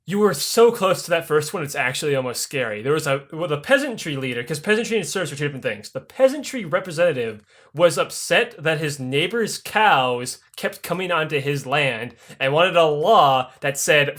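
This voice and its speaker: A man's voice: on the high side, moderate pace, hardly any pauses. A man hosting a podcast, telling history as comedy with crude jokes and lots of swearing. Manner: crude, animated, swearing freely. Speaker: podcast host.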